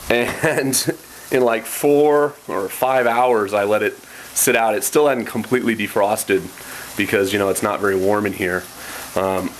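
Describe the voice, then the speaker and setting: A man with a fairly low voice talks his way through cooking dinner, chatty and explaining each step as he goes. He is recording a casual vlog in a small apartment kitchen. A faint hiss of noise sits under the voice. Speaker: vlogger.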